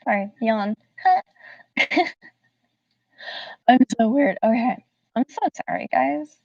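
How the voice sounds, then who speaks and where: Casually chatting with her live-stream viewers, a Southern U.S. woman giggles often and speaks right to the chat. Her high voice is sing-song and creaky, delivered very slowly. A distant, dull, dry mic records her with no room sound.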